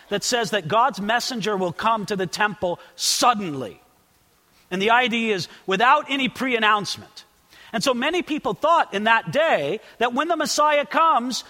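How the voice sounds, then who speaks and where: Animated preacher man in a reverberant hall. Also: extremely high pitch. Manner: animated, acts out quoted voices, swings from loud to hushed. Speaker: pastor. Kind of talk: expository sermon.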